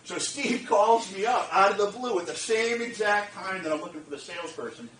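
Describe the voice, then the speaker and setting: A man telling a lively story to a lecture audience, laughing, repeating phrases and checking in with the listeners. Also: high voice, fairly quick. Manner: animated, laughing, repeats phrases, asks the audience "you get what I'm saying?". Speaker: speaker at a lecture event. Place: lecture room. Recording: roomy, distant from the mic, faint ambience.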